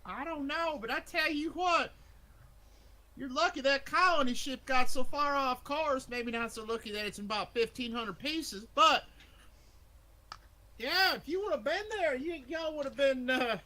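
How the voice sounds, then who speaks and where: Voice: high voice, normal speed, pushed and bright. A game master voicing a folksy, drawling spacer man at a remote station who swears freely and uses backwoods slang. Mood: folksy explaining. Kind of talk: voicing a character in a tabletop game.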